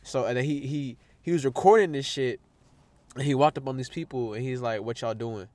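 A man's voice: mid-range voice, fairly quick, a little mellow, no room sound. A young man in casual chat, telling stories in heavy slang with lots of swearing. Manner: slangy, profane, storytelling.

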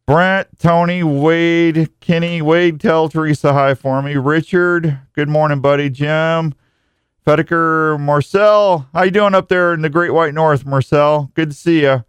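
A male radio host greets listeners one by one on a live talk show, joking and rambling and often tripping over his words. His voice is fairly high, steady, smooth, and unhurried, with no room sound.

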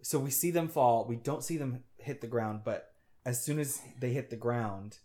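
A woman's voice: extremely low pitch, normal speed, warm tone. A woman co-hosting a casual chat about a film, enthusiastically jumping in to fill in scenes. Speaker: podcast co-host.

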